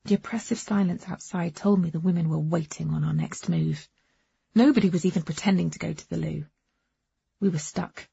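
A woman's voice: lowish voice, brisk, gravelly, dark tone, husky, no echo. A woman reading a first-person novel aloud with wry, understated delivery, on a dull, muffled recording. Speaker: audiobook narrator.

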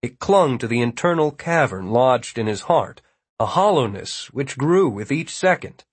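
A man narrating a novel in a measured, even reading. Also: medium pitch, breathy edge, dry recording. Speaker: audiobook narrator. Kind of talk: scripted narration.

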